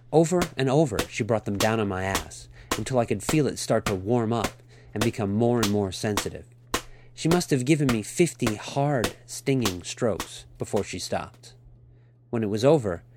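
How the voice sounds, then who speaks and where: A man reading a first-person story aloud in a steady, expressive way. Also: fairly low pitch, a little hiss or hum. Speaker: narrator.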